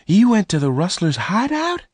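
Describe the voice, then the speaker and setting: Brief: soft-spoken young woman, earnest, high and lilting, voiced by a male storyteller. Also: lively intonation, unhurried, dry recording. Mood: startled. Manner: soft, earnest, pitched well above his own voice. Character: gentle young woman, lost and nameless. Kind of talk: read-aloud storybook voice.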